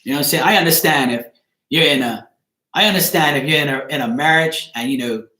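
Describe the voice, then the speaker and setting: A man's voice: fairly high pitch, fast talker, sharp tone. A man giving a casual live-stream tarot reading, blunt and crude, rambling and often asking "you know what I'm saying". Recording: echoey room.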